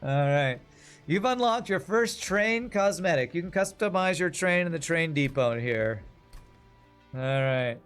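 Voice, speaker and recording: High-voiced man rambling over a game. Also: lively intonation, measured pace, a bit bright, clear, resonant tone, soft background music. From Texas. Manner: rambling, thinking aloud with many fillers. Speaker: streamer. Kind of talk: casual gameplay commentary.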